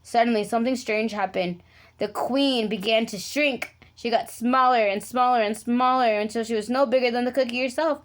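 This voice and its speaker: A woman's voice: a little high, fairly even intonation, normal speed. A woman reading a children's storybook aloud in a casual way, slipping in chatty asides.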